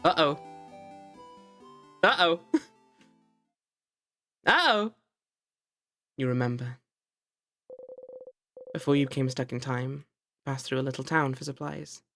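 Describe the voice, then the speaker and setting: A woman's voice: a bass voice, flat delivery, normal speed, gravelly, long pauses, soft background music. A woman streamer reading game text aloud expressively in a voice-acted playthrough, with playful asides.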